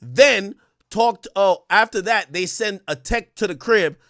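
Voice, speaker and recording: A man hosting a livestream, telling a story in casual slang, animated and sometimes loud. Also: high voice, measured pace, dry recording, clean studio sound. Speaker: streamer host.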